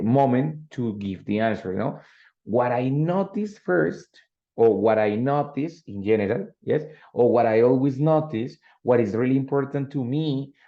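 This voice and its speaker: A man leads an English lesson, checking in with his students after nearly every point. His voice is dark and mellow, and the audio sounds dull and lo-fi. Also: medium pitch. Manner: explains with many tag questions and fillers. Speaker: English teacher. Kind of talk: online English class explanation.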